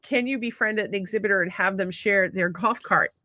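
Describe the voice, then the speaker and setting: A woman's voice: mid-range voice, brisk, pushed and bright, no room sound. A middle-aged woman co-hosting a casual podcast, reading out listener comments and rambling with many restarts. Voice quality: rambling, frequent restarts, laughs often. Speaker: podcast co-host.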